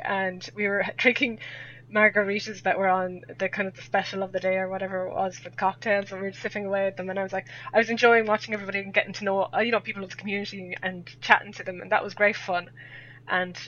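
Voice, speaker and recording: A woman's voice: mid-range voice, fairly even intonation, fast, a bit bright. A young Irish woman telling a rambling story in casual chat, laughing often as a podcast guest. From Ireland. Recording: dull lo-fi audio.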